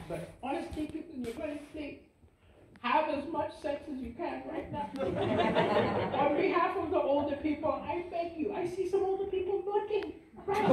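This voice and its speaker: A man in his forties performing a stand-up comedy set, animated and shouting punchlines loudly. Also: extremely high pitch, heavy background noise. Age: 40s. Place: live comedy venue with audience. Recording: echoey live room, distant mic, loud crowd laughter.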